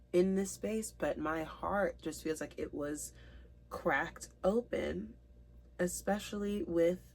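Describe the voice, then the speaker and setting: A woman with a somewhat low voice gives a spiritual tarot reading straight to her viewers. She speaks earnestly and with open emotion, slowing down to read each card's meaning aloud. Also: gravelly, darkish tone, slightly rough. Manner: reads card meanings aloud slowly. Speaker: tarot reader.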